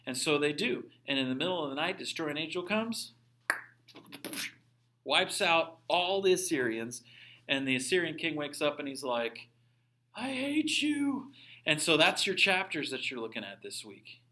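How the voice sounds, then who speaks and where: A man lecturing a religion class in a casual, animated way, acting out the voices of the people in his story. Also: fairly high pitch, normal speed. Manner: animated storytelling, acts out quoted characters. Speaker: religion teacher.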